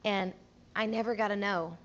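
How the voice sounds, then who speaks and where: A woman's voice: medium pitch, steady tone, moderate pace. A young woman, a music teacher giving a casual conference talk, chatty, laughing often and acting out quotes. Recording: dull, lo-fi room recording.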